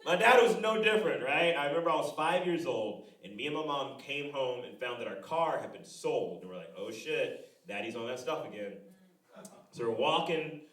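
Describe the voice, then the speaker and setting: A man in his thirties performs a stand-up set in a small club, animated and often jumping into loud impressions. His voice is bright and fairly high for a man. He sounds a little distant in an echoey room. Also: a little fast, hardly any pauses. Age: 30s. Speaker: stand-up comedian. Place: live comedy club stage. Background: audience laughter.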